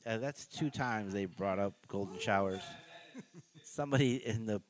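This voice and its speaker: A man's voice: fairly low pitch, a little slow. Laid-back man chatting on a podcast. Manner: laid-back, laughs often, acts out quotes. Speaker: podcast co-host. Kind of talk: casual reaction chat.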